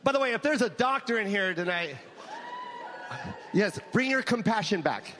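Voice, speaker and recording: A man doing a stand-up comedy set, loud and animated, laughing at his own jokes. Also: high-pitched, moderate pace, very noisy. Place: live comedy venue with audience.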